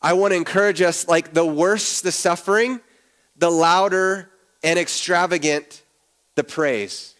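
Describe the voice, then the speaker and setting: A man preaching an earnest sermon as pastor, often dropping low and quiet at the ends of his phrases. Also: unhurried.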